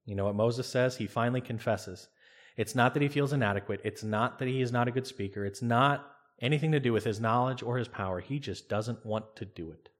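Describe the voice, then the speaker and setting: A man's voice: medium pitch, fairly quick. A male pastor preaching an earnest sermon who acts out quoted dialogue as he goes.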